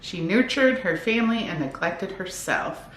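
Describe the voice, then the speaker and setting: A woman's voice: mid-range voice, animated, normal speed, a bit bright. Chatty woman in an echoey room. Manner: chatty, upbeat, reads back-cover blurbs aloud. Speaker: book vlogger. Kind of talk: casual book haul chat. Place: home room with bookshelves. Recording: echoey room, faint background noise.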